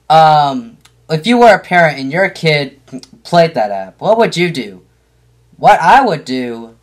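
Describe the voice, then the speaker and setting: A man hosting a reaction video, breaking in with excitable, incredulous exclamations. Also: on the high side, slow pace. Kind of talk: casual reaction commentary.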